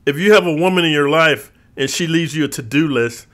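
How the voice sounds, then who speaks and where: A channel host rants directly to his viewers in a ranting monologue, his fairly high, bright, forward voice moving at a brisk clip. He swears freely, talks streetwise, and says "bro" constantly. Lively throughout, he keeps mimicking the people he complains about in quoted voices.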